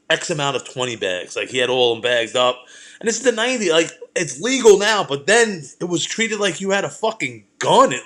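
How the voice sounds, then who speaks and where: A New man in his forties holding forth on his own comedy podcast. He rambles through anecdotes full of swearing, in a voice that sits a little higher than most men's. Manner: profane, rambling, animated anecdotes. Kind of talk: casual storytelling monologue.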